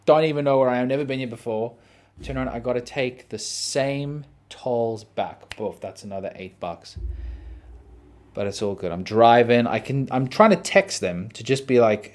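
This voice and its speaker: Animated man telling a story. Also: mid-range voice. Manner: animated, acts out his own reactions and quotes. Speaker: podcast host. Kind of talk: casual storytelling.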